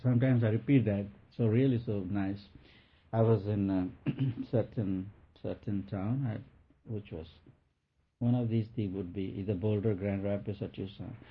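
A man giving a gentle spiritual talk as a teacher, telling a story in a halting way with many restarts. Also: fairly low pitch, fairly even intonation, husky. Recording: thin phone-like lo-fi recording.

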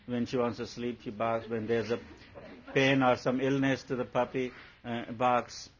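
A man's voice: mid-range voice, flat delivery, measured pace, slight background noise. A man giving a spiritual discourse as a teacher, asking rhetorical questions and telling playful stories. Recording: dull lo-fi recording.

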